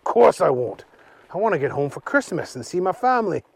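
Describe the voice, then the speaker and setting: A man's voice: high-pitched, big pitch swings, a little fast, creaky, slightly rough, full character voice. A man voicing a determined young boy adventurer in a slightly raised, eager voice.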